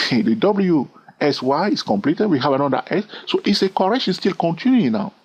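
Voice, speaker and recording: A man's voice: a little high, big pitch swings, moderate pace, darkish tone, breathy edge. A man with a non-native accent teaching chart trading in a chatty, teasing way, often checking in with his viewers. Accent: non-native English. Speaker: trading educator. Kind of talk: screen-recorded chart lesson. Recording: dull lo-fi sound.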